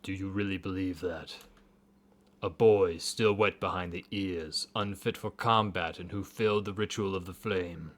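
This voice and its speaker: A man reading a game's dialogue aloud, voicing a stern spectral elder with slow, solemn, weighty delivery and a husky tone. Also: sits low, fairly even intonation.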